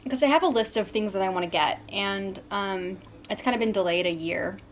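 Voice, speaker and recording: A woman's voice: medium pitch, a little fast, a little hiss or hum. A young woman in her twenties chatting casually to camera in a vlog, with frequent ums, sometimes talking with her mouth full. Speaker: vlogger.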